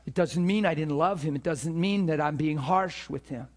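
Emphatic high-voiced male preacher. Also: normal speed. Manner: animated, emphatic, acts out dialogue with rising pitch. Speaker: preacher teaching a ministry school. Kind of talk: sermon storytelling.

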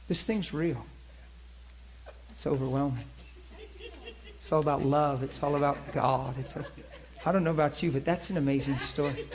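A man's voice: a little high, muffled recording. A man preaching a sermon, telling a story and acting out the people in it.

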